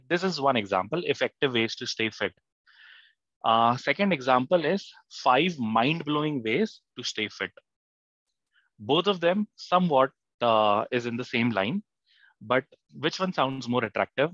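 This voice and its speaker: A man's voice: medium pitch, a bit bright, no room sound, muffled recording. A man teaching an online writing class, hesitant and full of fillers and restarts, often putting questions to his students. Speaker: content writing instructor. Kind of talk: live online class lecture. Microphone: online class mic.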